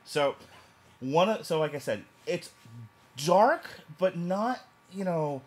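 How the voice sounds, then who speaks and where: A man's voice: on the high side, expressive, slow, darkish tone. A man from New York casually reviewing a movie, talking emphatically and rambling with restarts.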